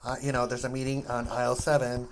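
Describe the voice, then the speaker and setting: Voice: mid-range voice, flat delivery, quick pace, slight background noise, natural voice. A gamer mimicking a bossy corporate woman who fussily announces meetings in store aisles. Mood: fussy announcing.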